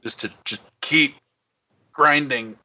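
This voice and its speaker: A man's voice: mid-range voice, slow pace, pushed and bright. A young man co-hosting a baseball watch party, chatting casually and chiming in with quips and laughs. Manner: laughs along, chimes in with quips. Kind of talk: casual chat.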